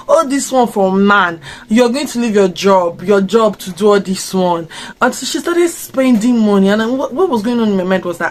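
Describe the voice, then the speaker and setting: A woman's voice: medium pitch, normal speed, a little hiss or hum. A young woman with a Nigerian accent, giving casual reaction commentary and firing off rhetorical questions. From Africa. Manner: expressive, fires off rhetorical questions. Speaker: reaction vlogger.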